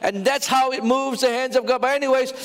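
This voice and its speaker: A male pastor delivers a lively sermon in a high voice, speaking straight to his congregation with restarts and fillers. He slows to stretch out key words and swells in volume on the emphatic parts. The sound carries a long reverb from the church sanctuary. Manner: animated preaching, often stretching words and crying out louder.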